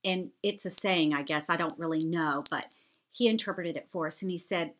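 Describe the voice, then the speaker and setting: A woman's voice: lowish voice, normal speed, slight background noise. A woman, chatting to camera as she tells a heartfelt story. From United States. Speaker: vlogger.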